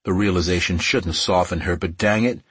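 Deep, husky male audiobook narrator. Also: normal speed, a bit bright, no room sound.

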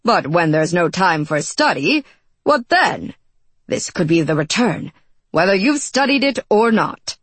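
Woman playing a flustered male astronomer, hesitant, husky voice, dry sound. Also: fairly low pitch, sing-song, a little slow, dry recording, heavily acted. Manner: hesitant, stammering start.

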